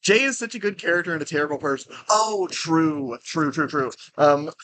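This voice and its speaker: A man's voice: on the high side, normal speed, pushed and bright. A man giving casual, rambling commentary while playing a game, full of restarts and fillers. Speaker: game streamer.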